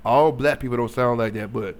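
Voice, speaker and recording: A man's voice: mid-range voice, fairly quick. A man hosting a reaction video, giving blunt, joking, slang-heavy banter. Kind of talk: casual reaction commentary.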